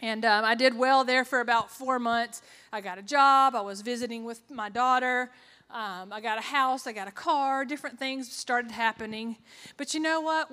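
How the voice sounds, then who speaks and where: A woman's voice: on the high side, bright, forceful tone. A young woman giving an earnest, emotional personal testimony with sarcastic asides. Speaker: testimony speaker. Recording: long hall reverb.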